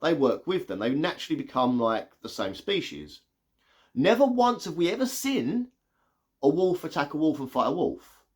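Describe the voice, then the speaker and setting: A man giving a casual, excitable spoiler review of a movie, retelling scenes with lots of "like". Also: a little high, normal speed, husky. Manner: chatty, excitable retelling full of "like".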